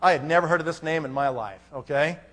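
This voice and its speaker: A man on stage at a business conference tells a story to the audience, acting out both sides of his phone calls. His voice sits high for a man. The sound rings with the long reverb of a large hall. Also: fast, fairly bright tone. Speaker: conference speaker. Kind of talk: motivational conference talk.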